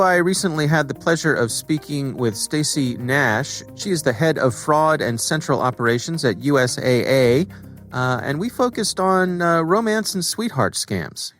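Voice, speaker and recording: A middle-aged man hosting a podcast in casual chat, relaxed and musing. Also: fairly high pitch, measured pace, soft background music. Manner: relaxed, thinking aloud with fillers. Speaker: podcast host.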